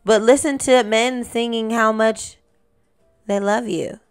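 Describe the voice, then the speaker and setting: A young woman hosting her own podcast, talking straight to the listener in an animated, casual way and now and then singing a line. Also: a little high, takes it slowly, clean tone, soft background music. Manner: animated, talks to listener directly, sings snippets. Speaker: podcast host. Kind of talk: casual solo podcast talk.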